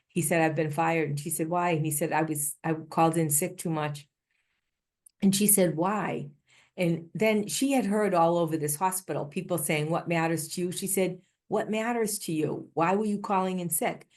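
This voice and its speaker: A woman's voice: fairly low pitch, fairly even intonation, moderate pace, darkish tone. An older woman with a Boston accent, giving an earnest, story-driven conference keynote with frequent restarts. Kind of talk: conference talk.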